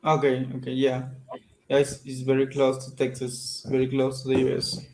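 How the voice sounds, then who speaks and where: A man with a Mexican Spanish accent speaks English on a video call, his voice in a middle register and held very flat in pitch. He is a Spanish speaker still building fluency, so he pauses and repeats words as he reaches for them. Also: slight background noise, rough recording. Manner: hesitant, repeats words while searching for English. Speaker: English learner, software engineer. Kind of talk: online English lesson conversation.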